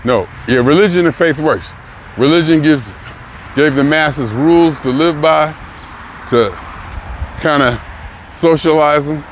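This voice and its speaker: A man's voice: fairly high pitch, measured pace, long pauses. A man in his sixties musing aloud in a rambling, emphatic casual vlog, repeating himself as he works through his thoughts. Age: 60s. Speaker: vlogger. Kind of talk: reflective casual monologue. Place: outdoors near a car rental lot. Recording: noisy outdoor street recording. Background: traffic and city noise.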